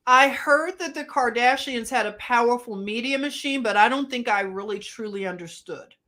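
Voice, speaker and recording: A woman hosting a live stream, talking slowly and musing through casual commentary with frequent restarts. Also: a little high, a bit bright.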